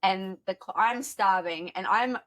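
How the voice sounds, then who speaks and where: A woman's voice: mid-range voice, unhurried, fairly bright tone. A woman podcast host in casual chat, agreeing and swapping stories, swearing freely. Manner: chatty, profane, agreeable.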